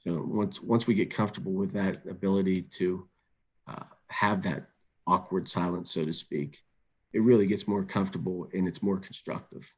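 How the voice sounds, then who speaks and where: Low-voiced calm male webinar presenter. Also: breathy edge. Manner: calm, measured, repeats words as he thinks aloud. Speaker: webinar presenter on crisis intervention. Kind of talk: instructional webinar talk.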